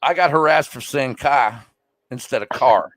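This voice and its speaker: A man's voice: mid-range voice, expressive, a little fast, a bit bright, no echo. A man from Pennsylvania with a Pennsylvania accent, co-hosting a live stream, blunt and teasing, swearing freely. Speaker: stream co-host. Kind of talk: casual banter.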